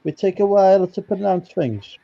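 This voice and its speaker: A man's voice: high-pitched, lively intonation, normal speed, creaky. A man from Wales, teasing and cheeky in a casual chat over a video call. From North Wales. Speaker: guest. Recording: dull lo-fi call audio.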